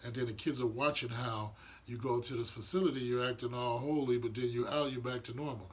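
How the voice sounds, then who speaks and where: A man's voice: medium pitch, fairly even intonation, quick pace, slightly rough. A man giving an earnest, rambling monologue about spiritual matters, often restarting his sentences. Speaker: vlogger sharing spiritual views. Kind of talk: casual reflective monologue.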